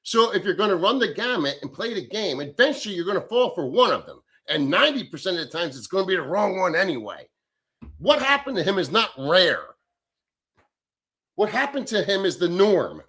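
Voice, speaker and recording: A man's voice: high voice, very animated, fairly quick, a bit bright. A middle-aged man from the American Midwest, hosting a livestream, reading chat and ranting in a blunt, crude way. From Southern Illinois, USA. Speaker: livestream host.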